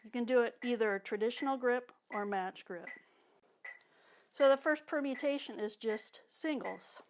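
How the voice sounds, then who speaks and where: A woman teaching drum exercises, calmly cueing each one while she plays. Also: on the high side, normal speed, a little hiss or hum. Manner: calm, counts and cues exercises while playing. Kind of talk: instructional demonstration. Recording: talk over loud drumming and metronome.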